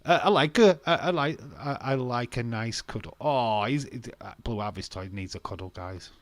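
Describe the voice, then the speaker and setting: Young male streamer, casual and chatty, laughs freely, medium pitch, dry close mic. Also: normal speed, dry recording. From England. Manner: chatty, laughs often, swears. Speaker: live stream host. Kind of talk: casual chat reading live comments.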